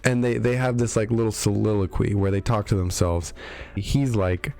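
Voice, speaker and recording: With a fairly low, slightly mellow voice and a moderate pace, a man casually retells a game story for his lore-review video. Expect sarcastic wit, lots of fillers, and faint background music.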